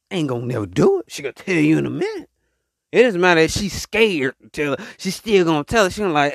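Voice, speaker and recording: A man hosting a solo podcast, talking in an animated, preachy way and calling out to his listeners. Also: high-pitched, dry recording, clean studio sound. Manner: animated, preachy, call-and-response asides to listeners. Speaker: podcast host. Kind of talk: casual solo podcast monologue.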